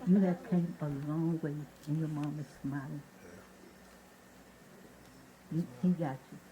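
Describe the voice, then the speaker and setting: A woman's voice: sits low, steady tone, moderate pace, highs cut off. A woman giving a casual wedding toast, affectionate and calling the couple baby. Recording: speech over a chattering crowd. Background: crowd of guests.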